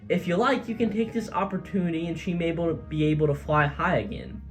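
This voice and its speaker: A man's voice: fairly high pitch, quick pace, faint music behind, pitched above the performer's own voice, natural voice. A man voicing a mysterious, taunting crow-spirit girl with a sly, lecturing manner.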